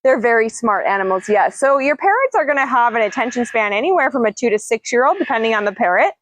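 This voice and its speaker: Chatty woman with a lively high voice. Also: quick pace. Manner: chatty, coos in high singsong to birds. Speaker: parrot trainer and livestream host. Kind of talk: casual livestream chat. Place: outdoors.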